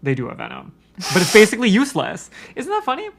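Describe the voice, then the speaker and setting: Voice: medium pitch, wildly swooping pitch, fast, creaky, fairly bright tone, slight background noise. A co-host in their late twenties on a book podcast, explaining animal facts and trading nerdy references. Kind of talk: casual podcast chat about a book.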